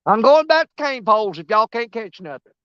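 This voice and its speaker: A man with a drawl chats and jokes while fishing from a riverbank. His voice sits high and bright, and he laughs easily as he rambles. The outdoor recording sounds dry and slightly dull. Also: sing-song, brisk, clear, resonant tone, no room sound. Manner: joking, rambling, laughs often, folksy. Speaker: outdoor vlogger. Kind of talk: casual fishing vlog monologue.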